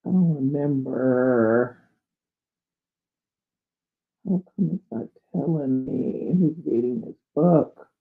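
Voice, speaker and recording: With a rumbling low voice and vocal fry, a book channel host takes her time during a live chat. She reads viewer comments and thinks aloud with fillers, all through tinny, phone-like sound.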